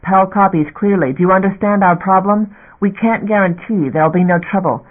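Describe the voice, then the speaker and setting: A man's voice: high voice, moderate pace, close to an everyday voice. Man doing a desperate, pleading station master. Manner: shouting, pleading, strained. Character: desperate male station master under siege. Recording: narrow phone-like audio.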